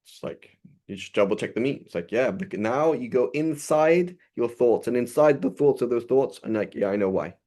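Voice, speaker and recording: A man's voice: medium pitch, expressive, moderate pace, warm tone. A man teaching an informal sermon, conversational and loose, often checking in with "right?". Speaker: religious teacher.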